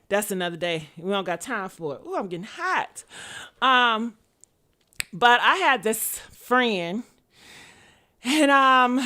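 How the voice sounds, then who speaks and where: A woman's voice: fairly high pitch, bright, forceful tone. A woman, telling her story bluntly and profanely in a candid sit-down monologue. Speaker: vlogger.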